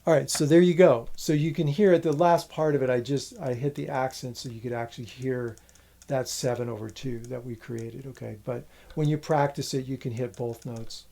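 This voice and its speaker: Relaxed man teaching rhythm, mellow voice. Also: mid-range voice, normal speed, creaky. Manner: counts rhythms aloud while playing; relaxed, apologetic asides. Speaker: music teacher. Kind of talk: casual instructional talk.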